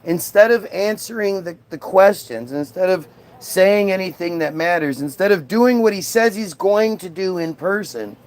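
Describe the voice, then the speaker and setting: Speaking at a normal pace in an animated, high voice, a man mocks somebody in chat. The profane, sarcastic rant plays out live on his stream and runs hot.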